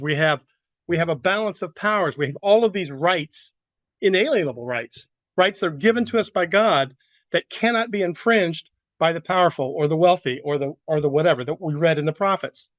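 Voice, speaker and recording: A man's voice: on the high side, no echo, highs cut off. A man teaching a Bible lesson to a class in a church room, talking loosely and asking the group questions. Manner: conversational, asks the class questions, many restarts.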